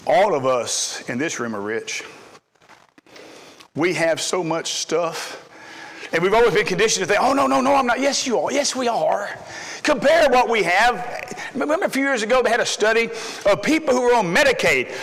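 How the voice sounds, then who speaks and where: Middle-aged man, high voice, folksy sermon, long church reverb. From Texas. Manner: folksy, storytelling, swings between loud emphasis and low asides. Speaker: preacher. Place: church sanctuary.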